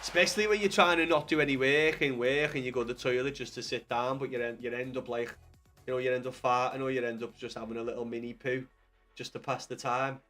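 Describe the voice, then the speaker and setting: A young man chatting casually to viewers while streaming a football video game, rambling and swearing with excited bursts. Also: medium pitch, quick pace, soft background music. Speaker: gaming livestreamer. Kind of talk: casual livestream chat with viewers.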